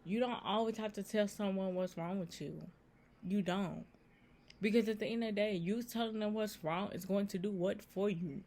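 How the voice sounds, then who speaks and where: A woman's voice: medium pitch, normal speed, darkish tone. A woman giving earnest, repetitive faith advice in a casual vlog, talking straight to her viewers. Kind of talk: casual Christian encouragement vlog.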